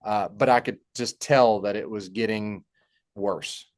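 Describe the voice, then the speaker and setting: A young man telling a personal story in a halting, heartfelt way, with many fillers and restarts. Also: on the low side, steady tone. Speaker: podcast guest. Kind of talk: personal story in casual conversation.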